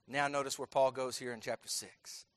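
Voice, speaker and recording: A man preaching a sermon to a congregation, emphatic, asking rhetorical questions and breaking into forceful outbursts. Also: medium pitch, fairly even intonation, normal speed, in a large hall. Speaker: pastor.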